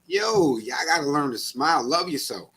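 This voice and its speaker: A man's voice: a little high, expressive, moderate pace, gravelly, a bit bright. A man co-hosting a podcast, ranting in casual slangy chat. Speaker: podcast co-host.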